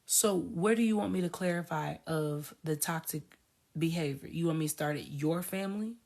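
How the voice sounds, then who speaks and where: A woman's voice: sits low, normal speed, creaky, a little mellow. A woman spiritual coach giving casual ranting commentary to her followers, talking emphatically and repeating phrases for stress.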